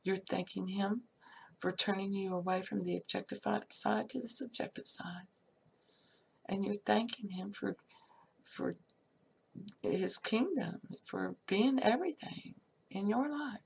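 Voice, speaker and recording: A woman's voice: medium pitch, measured pace, creaky, long pauses, darkish tone, a little hiss or hum. A woman giving a casual, upbeat talk on prayer and feeling, often laughing and dropping into whispers. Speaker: spiritual speaker.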